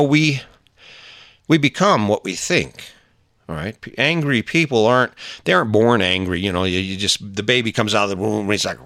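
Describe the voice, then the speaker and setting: A middle-aged man talks in a casual, emphatic motivational style and coaxes the listener along. Now and then he jumps up into a higher voice to act out small scenes. His voice sits at an ordinary pitch and sounds dry and close. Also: pushed and bright, no echo. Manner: emphatic, coaxing, acts out little scenes in a higher voice. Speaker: motivational talker.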